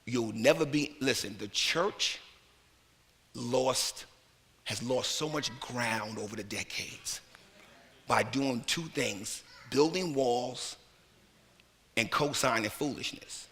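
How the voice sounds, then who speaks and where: A male minister preaching a lively, conversational sermon, slipping into colloquial talk and playful put-on voices. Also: mid-range voice, slow pace, pauses often. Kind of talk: lively sermon with acted asides. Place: church sanctuary. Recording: long hall reverb from church sanctuary.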